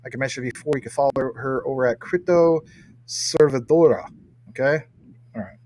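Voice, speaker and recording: A man's voice: medium pitch, moderate pace, darkish tone, low-quality recording. A man hosting a casual livestream, reading viewer comments and teasing his guest playfully. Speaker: livestream host.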